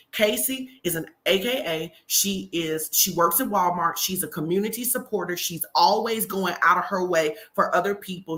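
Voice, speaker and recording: A woman hosting a live stream, giving a motivational talk with energetic, emphatic encouragement. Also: on the low side.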